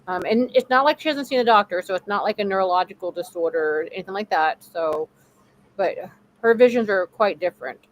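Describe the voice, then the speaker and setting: A woman's voice: mid-range voice, fairly quick, slight background noise, rough recording. Chatty middle-aged woman co-host. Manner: chatty, supportive with frequent affirmations. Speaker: co-host of paranormal show. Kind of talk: casual conversation. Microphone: video call.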